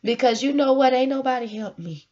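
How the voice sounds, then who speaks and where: A woman's voice: high-pitched, brisk. Earnest woman vlogging, dull lo-fi sound. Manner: animated, earnest, preachy, laughs often. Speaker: vlogger giving life advice. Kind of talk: casual emotional monologue.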